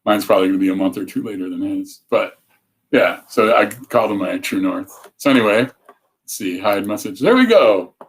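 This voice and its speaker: A man's voice: on the low side, animated, brisk. A man hosting a casual livestream talk, chatty and rambling, often breaking off mid-thought to read comments. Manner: rambling, self-interrupting, chatty. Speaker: show host.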